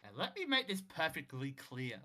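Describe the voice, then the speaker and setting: A smug older wrestling boss lays down the law in a commanding voice, as a man puts him on. The voice is pitched up, bright and lively. It rises and falls a lot from line to line. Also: moderate pace, heavily acted.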